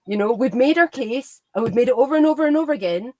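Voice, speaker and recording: An opinionated woman argues her point in a casual political chat. She speaks emphatically and at a middle pitch. The sound is dry and close. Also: expressive, quick pace, dark tone, no echo.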